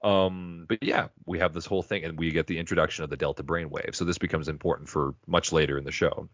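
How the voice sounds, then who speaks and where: A man with a very low voice talks casually as a podcast co-host. He rambles, laughs often and drops into silly quoted voices. The sound is dry and a little dull, like a lo-fi recording. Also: fairly even intonation, fast, no room sound. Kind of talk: casual chat.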